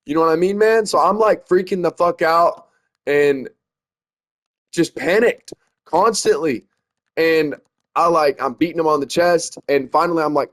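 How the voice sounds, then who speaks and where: A man's voice: high-pitched, lively intonation, moderate pace, a bit bright. A young man telling a story to his viewers in casual, profane, emphatic speech, calling them guys and bro. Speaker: storyteller vlogger.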